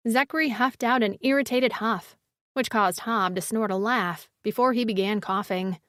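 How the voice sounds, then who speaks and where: A woman narrating a first-person fantasy romance audiobook with an expressive storytelling delivery. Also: medium pitch, a little slow, no echo, studio quality.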